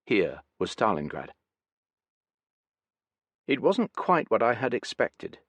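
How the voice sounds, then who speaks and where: A man reading a history audiobook in a measured, even scripted narration. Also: fairly low pitch, no echo.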